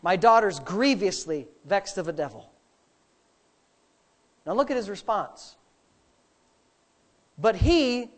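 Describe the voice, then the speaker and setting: A man preaching a sermon, swinging from low, hushed asides to high, shouted emphasis, with drawn-out emphatic phrases.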